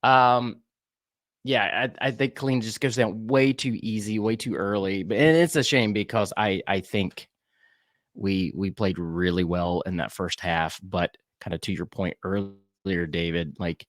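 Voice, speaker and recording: A man with a Southern US accent talks through match highlights as a podcast co-host. His voice sits on the low side and is recorded dry and close. He rambles easily, with fillers and restarts. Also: a little slow, no echo. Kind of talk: casual sports chat.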